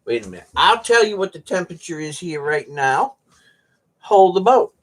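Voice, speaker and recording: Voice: mid-range voice, big pitch swings, normal speed. A middle-aged streamer rambling at home in a folksy, joking way to viewers. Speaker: live streamer chatting with viewers. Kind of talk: rambling casual chat to viewers. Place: at home on a cold day.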